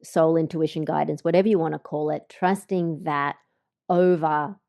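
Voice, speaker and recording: A woman hosting a conversational interview, reflective in tone, her voice often softening and trailing off at the ends of her phrases. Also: low-pitched, fairly even intonation, moderate pace, creaky. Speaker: podcast host.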